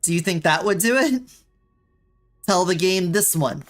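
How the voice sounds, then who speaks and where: A woman's voice: on the low side, animated, unhurried, soft background music. A woman streaming a video game, chatting casually with viewers and pleading in exasperation with the game. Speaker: VTuber streamer. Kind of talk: casual gameplay streaming chat.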